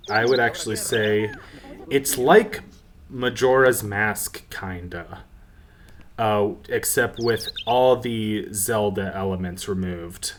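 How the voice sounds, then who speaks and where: A woman hosting a let's play, giving casual, rambling commentary with quiet, self-mocking asides. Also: extremely low pitch, background noise.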